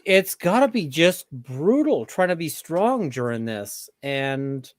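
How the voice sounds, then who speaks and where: A man co-hosting a livestream, speaking in a halting, soft-spoken way with many fillers. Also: on the high side, very animated, no echo. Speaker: co-host. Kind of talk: casual livestream chat.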